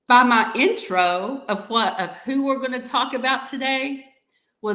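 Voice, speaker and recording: A woman's voice: medium pitch, roomy sound. A woman hosting a podcast, talking casually to viewers and often saying "y'all". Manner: chatty, warm toward viewers, says "y'all" often. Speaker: podcast host. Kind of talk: casual live-stream talk to viewers.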